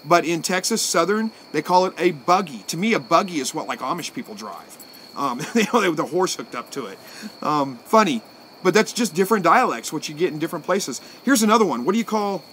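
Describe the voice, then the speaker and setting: Man, 40s, live-stream host, folksy and relaxed, slightly high voice, faint noise and crickets behind. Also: a little fast. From Southwest Missouri, USA. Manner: relaxed, folksy, thinks out loud. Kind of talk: casual live-stream chat answering viewer comments.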